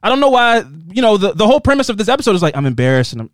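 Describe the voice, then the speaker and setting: A man's voice: very high voice, expressive, racing, no echo, studio quality. A man co-hosting a podcast, recapping a TV show in casual chat, sarcastic and laughing often as he acts out quotes. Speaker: podcast co-host.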